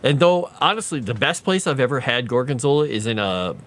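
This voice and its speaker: A man's voice: mid-range voice, expressive, fairly quick, a bit bright, slight background noise. A man casually chatting with his livestream viewers, rambling through tangents while working on his lore writing.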